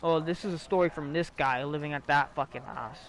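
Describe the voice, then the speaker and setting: Rambling streamer man, slightly high voice. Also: fairly quick, fairly bright tone, slight background noise, poor audio. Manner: rambling, profane, restarts and fillers. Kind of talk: casual livestream storytelling.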